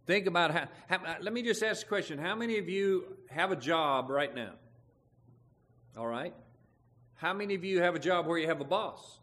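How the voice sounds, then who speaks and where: In a fairly bright, higher-leaning voice with lively intonation, a man preaches at normal speed. As pastor he chats with the congregation and poses questions to them, and the recording has a long hall reverb.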